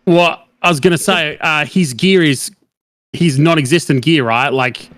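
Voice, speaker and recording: A man laying out his opinions in casual chat, swearing constantly as he argues his point. His voice is a touch high for a man, and it is recorded dry and close, with no room sound. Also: unhurried, a bit bright, no echo. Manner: opinionated, argumentative, heavy swearing.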